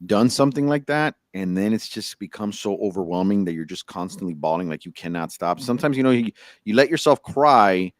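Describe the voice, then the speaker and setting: A man hosting a casual interview, asking quick, lively questions and repeating himself. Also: fairly low pitch, no echo, clean studio sound. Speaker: podcast host.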